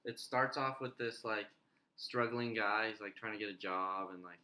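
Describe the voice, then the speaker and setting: A man's voice: fairly low pitch, normal speed, pushed and bright. A young man co-hosting a podcast, chatting casually and swearing a lot as he retells a film. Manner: laid-back, profane storytelling with frequent "like" fillers. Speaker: podcast co-host. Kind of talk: casual chat. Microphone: podcast microphone.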